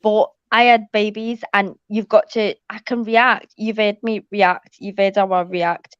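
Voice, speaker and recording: A woman telling a story in casual chat, animated and swearing a lot. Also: mid-range voice, a little slow, smooth, dry recording. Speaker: panel guest. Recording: slightly muffled, dull audio.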